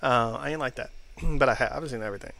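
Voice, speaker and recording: A man co-hosting a podcast, telling a work anecdote in a relaxed, rambling, casual way. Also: mid-range voice, fast, vocal fry. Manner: laid-back rambling storytelling. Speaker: podcast co-host. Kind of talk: casual chat.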